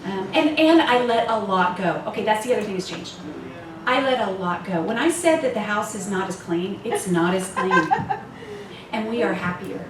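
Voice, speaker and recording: In a retreat meeting room, an animated woman in her fifties with a mid-range voice talks candidly at a moderate pace to a women's retreat, laughing often and teasing herself. The recording is noisy and echoey, captured from a distant mic.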